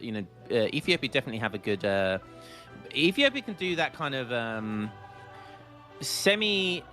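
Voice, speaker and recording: Lively man casting a game. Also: medium pitch. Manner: excitable, joking, stumbling restarts. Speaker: esports caster. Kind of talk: live game commentary.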